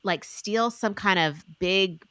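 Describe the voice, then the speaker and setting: A woman's voice: mid-range voice, slow, smooth, no echo. Tipsy woman rambling through a book recap. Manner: animated, rambling recap with asides. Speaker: book club podcast co-host. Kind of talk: casual chat.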